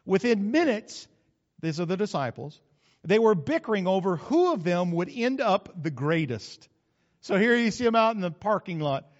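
A middle-aged male pastor preaches with animated energy and sudden loud bursts. His voice sits a bit high for a man. It rings through a long hall reverb on a dull, muffled recording. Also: normal speed. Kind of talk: sermon.

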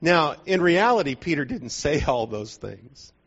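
A man's voice: fairly high pitch, sing-song, unhurried, fairly bright tone, slightly rough. A man preaching a sermon in a conversational, joking way, often asking the listeners whether they are following, in a dull lo-fi recording from a church hall.

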